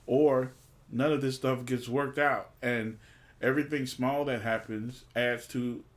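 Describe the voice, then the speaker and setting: A man co-hosting a relationship podcast talks in a casual, emphatic way. He repeats key phrases for stress and tosses questions to his partner. His voice sits at a middle pitch. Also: steady tone, measured pace. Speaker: podcast co-host.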